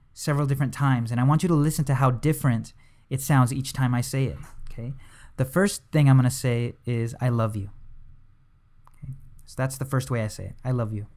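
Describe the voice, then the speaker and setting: A young man gives a casual hypnosis lesson to his viewers. He talks at an ordinary middle pitch, rambling a little and restarting his sentences with plenty of fillers. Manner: relaxed, conversational, many fillers and restarts. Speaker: hypnosis instructor. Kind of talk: casual instructional talk to camera.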